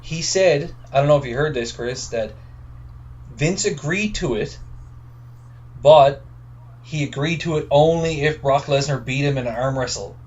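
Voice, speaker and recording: A man's voice: fairly high pitch, a little slow, pauses often, darkish tone. A man with a Newfoundland accent co-hosting a podcast over the phone from a remote work camp, wry and gossipy. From Newfoundland, Canada. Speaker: podcast co-host. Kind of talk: casual chat. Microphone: phone line. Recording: dull phone audio with faint noise.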